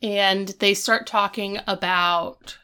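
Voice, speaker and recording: Bright, chatty woman co-host. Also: slow, clear, resonant tone. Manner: animated retelling, jumps into high voices for quotes. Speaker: podcast co-host. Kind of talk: casual recap chat.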